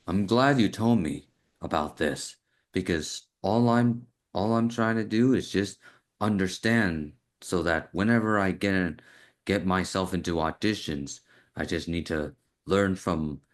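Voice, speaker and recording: A man hosting an interview, asking questions in an earnest, halting way with restarts. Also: low voice. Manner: earnest, halting, repeats words. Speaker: interview host. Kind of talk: casual interview.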